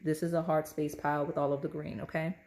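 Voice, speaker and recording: A woman's voice: low-pitched, little pitch movement, quick pace, a little mellow. A woman giving a casual pick-a-card tarot reading, speaking straight to the viewer and often checking in with "right?" and "okay?". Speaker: tarot reader.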